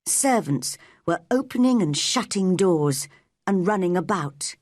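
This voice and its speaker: Slow, deliberate woman storyteller. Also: lowish voice, animated, darkish tone, no room sound, clean studio sound. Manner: clear and deliberate. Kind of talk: slow storybook narration for English learners.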